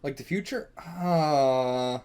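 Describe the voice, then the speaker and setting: A man hosting a live manga reading reaction. He talks in an excitable, rambling way and swears a lot. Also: fairly high pitch, slow pace, clear, resonant tone.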